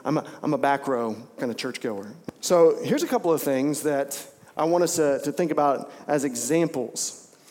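Male pastor, sermon delivery, animated with acted-out voices; slightly higher voice, long hall reverb. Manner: animated preaching, acts out voices with big pitch jumps. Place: church sanctuary.

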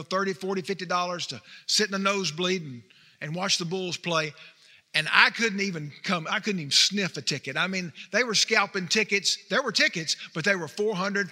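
A man preaching a sermon as a pastor, telling stories in an animated way that builds to emphatic peaks. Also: sits high, long reverb tail.

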